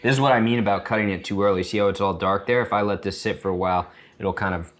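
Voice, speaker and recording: A man's voice: on the low side, steady tone, fast talker, poor audio. A chatty, jokey man hosting a casual cooking demonstration in a home kitchen. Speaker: chef host. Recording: loud sizzling pan behind voice. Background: frying and sizzling.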